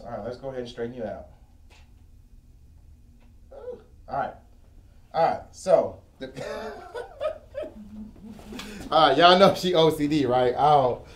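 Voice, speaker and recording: Working as host and financial educator, a man leads a live-streamed finance lesson in front of a whiteboard in a studio, with a chatty, joking, casual tone. His voice is a little high and a little mellow, and the recording is echoey.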